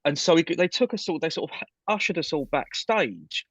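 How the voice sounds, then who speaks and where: A man in casual chat, telling an animated anecdote about music gigs and acting out the people in his story. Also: a little high, normal speed, husky, dry recording. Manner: animated anecdote teller, does voices in his stories. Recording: dull dry lo-fi sound.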